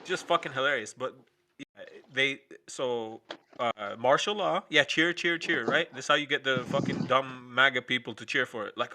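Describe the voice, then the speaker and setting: A man's voice: medium pitch, normal speed, noisy background. A man hosting a late-night stream, ranting in a profane, sarcastic, rambling way. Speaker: stream host. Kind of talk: casual ranting chat.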